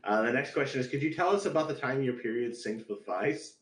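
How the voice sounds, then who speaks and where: A man's voice: mid-range voice, fairly quick. Teasing man host in an echoey room. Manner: teasing, playful. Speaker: podcast host. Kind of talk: casual chat.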